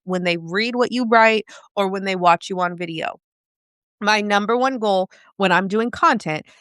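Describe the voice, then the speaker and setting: Direct, smooth-voiced woman coaching live. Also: mid-range voice, fairly bright tone, no echo, clean studio sound. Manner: casual, direct, asks many questions. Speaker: business coach. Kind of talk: live video coaching talk.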